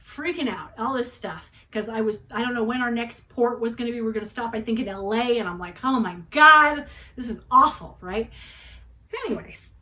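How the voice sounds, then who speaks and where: A woman's voice: fairly high pitch, fast talker, few pauses, poor audio. Dramatic, chatty woman in her forties. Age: 40s. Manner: dramatic, chatty, with tag questions. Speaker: vlogger. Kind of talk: personal storytelling.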